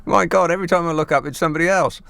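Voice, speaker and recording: A man hosting a talk radio show, bantering in a sarcastic, deadpan way. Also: fairly high pitch, rapid-fire, creaky, dry recording. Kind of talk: solo talk radio chat.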